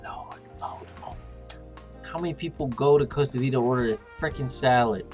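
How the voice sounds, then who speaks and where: A man's voice: medium pitch, fast, darkish tone, faint music behind. A man reading customer reviews aloud and mocking them with sarcastic comedy, sliding into silly voices.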